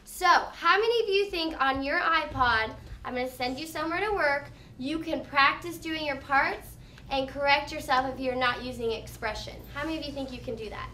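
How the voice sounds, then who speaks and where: A woman teaching an elementary classroom, explaining things clearly and step by step in an encouraging way. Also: high voice, moderate pace, bright, forceful tone, slight background noise. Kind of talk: classroom instruction.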